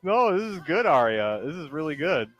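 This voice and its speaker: A man's voice: a little high, sing-song, moderate pace, no room sound, lo-fi sound. A man hosting a stream in casual chat, laid-back and hesitant, laughing often and reading chat messages aloud.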